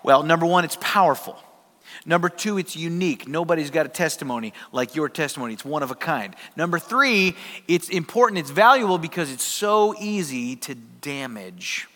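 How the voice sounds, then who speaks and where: A middle-aged man, a pastor preaching a sermon and telling a lively story to his congregation. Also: on the high side, normal speed. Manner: animated, acts out voices in a story, laughs with the congregation. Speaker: worship pastor. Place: large church hall. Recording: reverberant church hall.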